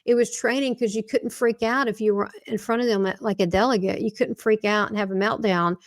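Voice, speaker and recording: A woman talks animatedly as a podcast guest. She jumps between thoughts and restarts sentences. Her voice sits at a middle pitch, and the recording sounds dry and close. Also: fairly even intonation, fairly quick, dry recording. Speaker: guest, spiritual medium. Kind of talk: casual interview chat.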